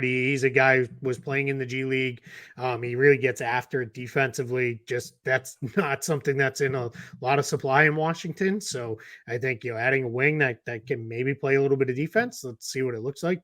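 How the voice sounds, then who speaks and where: Male co-host with a Boston accent, casual analyst, dry close mic, middle pitch. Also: fairly bright tone, no room sound. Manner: quick, loose analysis with fillers and restarts. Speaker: podcast co-host, basketball analyst. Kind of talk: casual chat.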